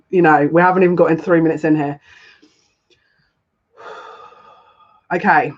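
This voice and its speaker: Pausing often, a woman with a fairly low voice and moderate pace runs a casual psychic tarot live stream as channel host. She greets viewers individually in a gushing, effusive way, on the verge of tears, over slightly dull lo-fi sound.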